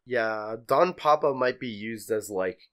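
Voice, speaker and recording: A man's voice: lowish voice, animated, unhurried, fairly bright tone, clear, resonant tone. A man co-hosting a casual fan podcast, talking bluntly and offhandedly and swearing casually. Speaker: podcast co-host.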